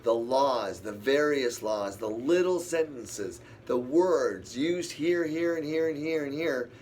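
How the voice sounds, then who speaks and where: A man's voice: medium pitch, animated, slow, darkish tone, a little hiss or hum. A man leading a casual Bible study, rambling, thinking aloud and answering the verses he reads. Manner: rambling, thinks aloud and talks back to scripture.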